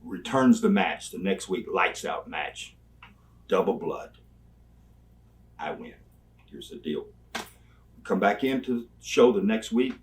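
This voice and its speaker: A man's voice: low-pitched, takes it slowly, pauses often, slight background noise. An older man, an interview guest, telling rambling stories and acting out the people in them. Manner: rambling, animated, acts out quoted people. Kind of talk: storytelling. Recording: voice somewhat distant from mic.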